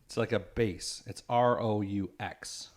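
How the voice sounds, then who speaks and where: A man's voice: on the low side, steady tone, unhurried. A man co-hosting a casual podcast chat, playful and teasing. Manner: playful, bursts into singing. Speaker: podcast co-host.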